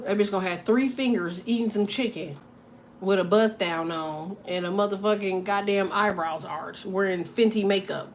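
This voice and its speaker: A woman hosting a casual tarot livestream, delivering a profane, animated comedic rant and laughing often. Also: medium pitch, normal speed, a little hiss or hum.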